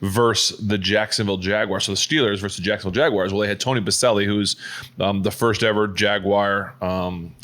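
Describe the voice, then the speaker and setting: Rambling low-voiced man chatting. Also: steady tone, brisk, fairly bright tone. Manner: rambling, many fillers and restarts. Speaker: podcast co-host. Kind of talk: casual chat.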